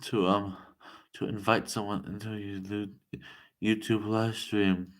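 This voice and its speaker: A man from the United States chatting casually to viewers on a live stream, rambling and excitable. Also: fairly low pitch, unhurried.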